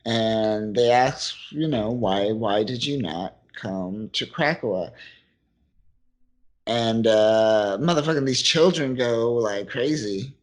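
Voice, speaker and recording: A man's voice: medium pitch, takes it slowly. A man co-hosting a podcast, casually recapping a comic in a rambling, profane way and quoting the characters as he goes. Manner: rambling, profane, recaps scenes with quoted voices. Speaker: podcast co-host. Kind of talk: casual comic book chat.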